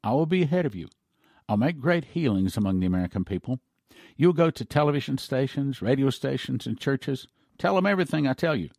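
A man voicing a stern male angel who gives grave warnings in a slow, commanding way. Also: medium pitch, expressive, vocal fry, a little mellow, no room sound, studio quality. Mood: solemn.

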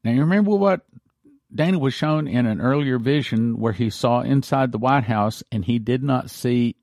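A man's voice: mid-range voice, creaky, darkish tone, dry recording. Male pastor, broadcast sermon; emphatic and repetitive, dry close sound, mid-range voice.

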